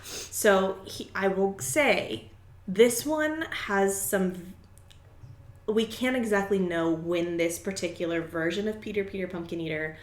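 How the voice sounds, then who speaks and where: A woman's voice: medium pitch, unhurried, echoey room. A young woman co-hosting a podcast, explaining things at length in casual chat with lots of fillers. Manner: rambling explainer with many fillers. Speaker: podcast co-host.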